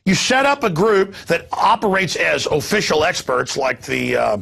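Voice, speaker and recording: A man hosting a news commentary show, ranting in a sarcastic, mocking way and jumping between loud bursts and low asides. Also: big pitch swings, moderate pace, gravelly, husky. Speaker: host.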